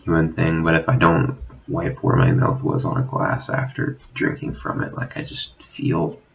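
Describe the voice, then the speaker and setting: Low gravelly rambling young man. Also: animated, normal speed, rough recording. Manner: rambling, swearing, self-deprecating, with frequent fillers and chuckles. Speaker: vlogger. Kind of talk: rambling casual monologue. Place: at home, drinking.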